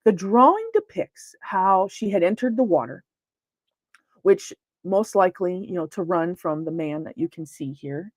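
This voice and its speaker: A woman's voice: on the low side, animated, normal speed, dry recording. A woman giving a lecture as a paranormal investigator, talking casually with frequent fillers and restarts. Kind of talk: presentation lecture.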